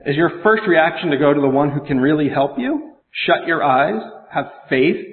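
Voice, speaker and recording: A man's voice: fairly high pitch, animated, normal speed. A man preaching a sermon, talking in a conversational way, often asking his listeners questions and reading scripture in older English. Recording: echoey hall over a phone-like line.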